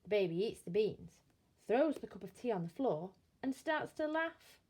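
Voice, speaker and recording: A woman reading a bedtime story aloud in a slow, expressive storytelling manner. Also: mid-range voice, husky.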